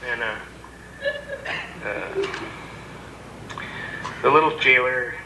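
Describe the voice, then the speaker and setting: A man's voice: mid-range voice, extremely slow. A man telling a humorous anecdote to an audience, in a chatty, amused, folksy way with hesitant fillers. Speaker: storyteller. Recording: echoey noisy room recording.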